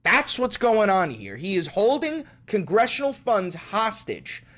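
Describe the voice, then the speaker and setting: A man's voice: high-pitched, big pitch swings, a little slow, fairly bright tone. A man hosting an online political commentary show, reading news aloud and ranting about it with sarcastic, profane outbursts.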